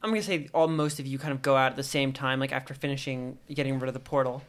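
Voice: medium pitch, steady tone, fast talker. A game master narrating a tabletop game in a playful, joking way. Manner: playful, laughs at own narration.

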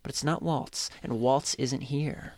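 A man's voice: medium pitch, fairly even intonation, unhurried, no room sound, clean studio sound. A man running a tabletop game as game master, narrating loosely with many fillers and restarts. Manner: rambling, full of fillers and restarts.

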